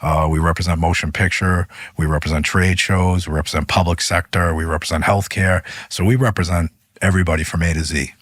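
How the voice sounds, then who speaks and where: A deep, husky male voice, blunt and animated as he recounts events to an interviewer. The sound is dry and close, with no room around it. His voice climbs sharply when he gets fired up. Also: fairly quick, hardly any pauses, dry recording. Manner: animated, voice rises when retelling arguments. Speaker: union leader guest. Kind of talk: interview storytelling.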